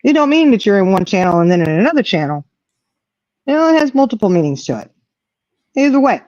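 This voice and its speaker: A woman's voice: medium pitch, a little mellow, dry recording. An older woman, a grandmother, hosting a casual chat in a folksy way, often saying "you know". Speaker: host. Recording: dull lo-fi audio.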